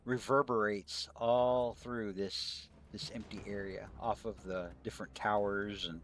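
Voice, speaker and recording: A man running a tabletop role-playing game as game master, describing scenes and working out dice results in a plain, steady way. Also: lowish voice, measured pace, a little hiss or hum.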